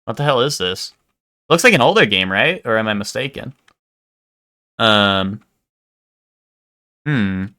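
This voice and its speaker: A man's voice: fairly low pitch, expressive, a little slow, long pauses, pushed and bright. A man live-streaming, chatting casually with his viewers in a rambling way, full of "like" and "um" and casual swearing.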